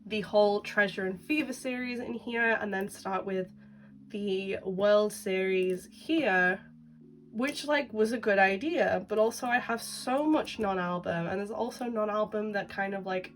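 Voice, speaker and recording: A woman with a cold, sounding stuffed-up and nasal, talking in a chatty, rambling way. She is a little away from the mic, with soft music underneath. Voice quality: nasal, deeper than usual. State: has a cold, blocked nose. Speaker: collecting vlogger. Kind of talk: casual vlog narration. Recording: distant mic with faint background music.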